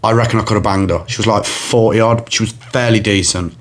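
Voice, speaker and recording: A man's voice: fairly low pitch, steady tone, a little fast. Casting: young male comedian, loose rambling storyteller. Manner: rambling, laughs often. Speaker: comedian and podcast host. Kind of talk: casual storytelling chat.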